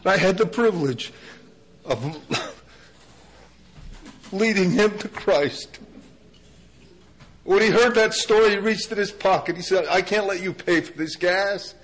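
Older male preacher, high voice, animated storyteller, sermon delivery. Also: a little slow, pauses often, poor audio. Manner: animated storytelling, pitch drops low for emphasis.

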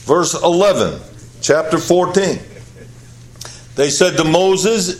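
A male pastor preaching a sermon, emphatic and repetitive, swinging between high loud peaks and low quiet drops. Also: slow, pauses often. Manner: emphatic, repeats phrases for weight.

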